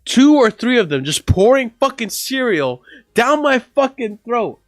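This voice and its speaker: A man's voice: very high-pitched, a little slow, no room sound, studio quality. Profane, rambling male streamer. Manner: rambling, profane, says "bro" and "like" constantly; animated, laughing through the story. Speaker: livestreamer. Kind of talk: casual livestream storytelling.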